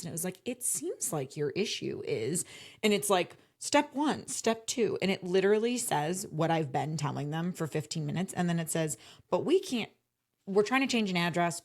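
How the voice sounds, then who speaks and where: A young woman co-hosting a casual podcast, venting about service with bursts of laughter. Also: fairly low pitch. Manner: vents with laughter, quotes others. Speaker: podcast co-host.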